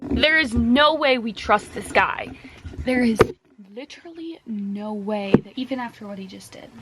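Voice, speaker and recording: High-voiced emotional young woman vlogger. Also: animated, moderate pace, loud music behind the voice. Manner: gushing, emotional reactions with laughs and exclamations. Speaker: book vlogger. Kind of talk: casual reading vlog chat.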